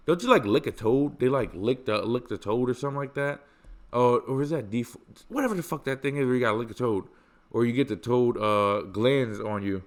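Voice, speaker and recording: A man hosting a podcast, telling stories in a casual, animated way, swearing freely and stressing points through repetition. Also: medium pitch, fairly quick. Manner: animated, profane, emphatic repetition. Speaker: podcast host. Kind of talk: casual storytelling chat.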